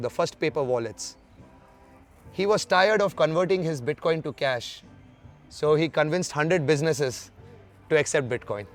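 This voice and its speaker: A man from India, an interview guest telling travel stories in a lively way and acting out the dialogue. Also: fairly high pitch. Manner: lively storyteller who acts out the dialogue. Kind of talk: storytelling in an interview.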